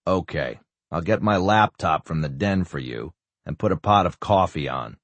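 A calm, scheming official, as a man reading a thriller plays him speaks in a measured, businesslike way, very low and quiet. The sound is close and dry. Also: dry recording, full character voice. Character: calm, calculating middle-aged male official.

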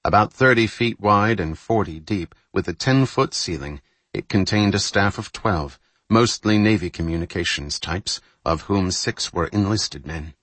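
A man reading a thriller novel aloud in measured, scripted audiobook narration. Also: low-pitched, a bit bright, no room sound.

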